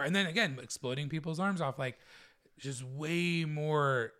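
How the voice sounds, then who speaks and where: An excitable man with a somewhat high voice cohosts a casual chat. He swears freely and acts out the scenes he describes, jumping between voices. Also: unhurried. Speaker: podcast co-host.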